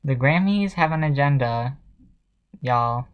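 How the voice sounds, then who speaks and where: A man's voice: medium pitch, animated, slow, clean tone, muffled recording. A man ranting casually to his viewers. He sounds sarcastic and exasperated, with a mocking, offhand edge. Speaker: vlogger. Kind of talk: casual commentary rant.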